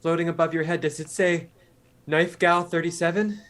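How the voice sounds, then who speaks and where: Awkward guy rambling in an improv bit, highish voice. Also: flat delivery, fairly bright tone. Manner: flustered, awkward, fast rambling. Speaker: improv performer. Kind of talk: improv comedy scene.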